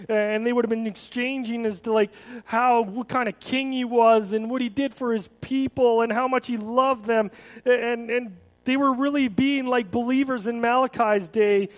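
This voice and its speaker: A man's voice: very high voice, fairly even intonation, normal speed, rough recording. A male pastor giving a conversational sermon, casual and repeating words, often asking the congregation questions.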